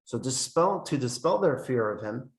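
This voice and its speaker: A man's voice: mid-range voice, very animated, normal speed. Man giving an echoey Torah lesson. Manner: earnest, explanatory, quotes texts and commentators. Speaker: rabbi teaching a Torah lesson. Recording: echoey room.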